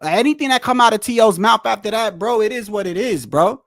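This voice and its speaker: High-voiced man rambling about boxing. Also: expressive, fairly quick, fairly bright tone, no room sound, studio quality. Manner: rambling, repeats "bro", restarts often. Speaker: streamer reacting to boxing clips. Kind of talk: casual reaction commentary.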